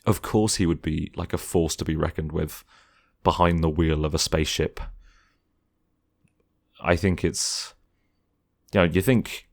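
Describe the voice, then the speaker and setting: A man's voice: low-pitched, fairly even intonation, moderate pace, pauses often. A man chatting casually through a film commentary, sometimes mocking critics in put-on voices.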